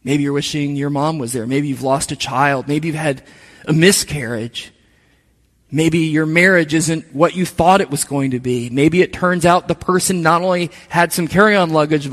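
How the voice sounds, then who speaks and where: Earnest middle-aged pastor, high voice. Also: male voice. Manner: earnest, acts out quoted voices. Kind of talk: sermon. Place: church sanctuary. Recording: reverberant church hall.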